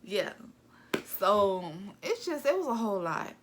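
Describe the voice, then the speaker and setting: A woman in her twenties, a vlogger, casually retelling drama in a blunt, gossipy, animated way. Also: mid-range voice, a little slow, very noisy. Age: 20s. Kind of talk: casual storytelling vlog.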